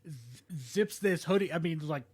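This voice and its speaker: Male podcast guest, fairly high voice, quick wry quips, dry studio sound. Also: darkish tone, dry recording. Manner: chimes in with short wry quips. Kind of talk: casual chat.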